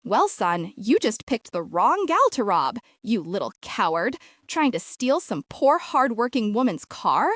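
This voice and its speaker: A woman voicing a tough, menacing middle-aged hairdresser who talks slow and low. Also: very animated, a bit bright, no echo, clean studio sound, full character voice.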